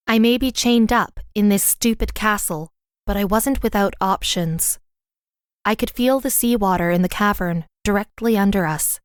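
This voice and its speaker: A woman narrating a fantasy audiobook in the first person, with a smooth, clear reading voice. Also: medium pitch, dry recording, clean studio sound.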